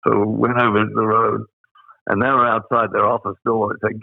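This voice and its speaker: An older man with an Australian accent, telling stories as an interview guest, rambling with many pauses and fillers. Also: lowish voice, steady tone, gravelly, breathy edge, no room sound. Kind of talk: anecdotal storytelling. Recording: dry, phone-like sound.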